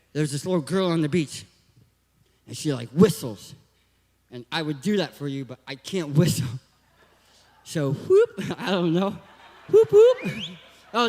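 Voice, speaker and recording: A man, a guest speaker, telling comedic stories in a sermon, animated and self-deprecating, breaking into loud bursts. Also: on the high side. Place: church hall. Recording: reverberant hall with faint music.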